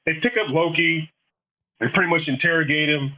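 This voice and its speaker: A man in casual chat reviewing a show, an animated storyteller who acts out quotes, with frequent restarts. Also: a little high, fairly quick, poor audio. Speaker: podcast co-host.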